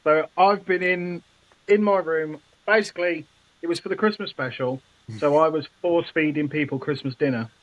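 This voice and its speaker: A man's voice: fairly high pitch, normal speed, fairly bright tone, no room sound, lo-fi sound. A man telling a story playfully, laughing often, in a casual group chat. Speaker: scare actor and guest.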